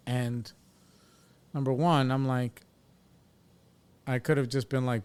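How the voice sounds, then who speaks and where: In a smooth, steady, slightly mellow mid-range voice, a man in his forties speaks slowly on his podcast. He's in recovery and talks candidly and casually, reflective yet blunt, swearing freely as he works through his ideas.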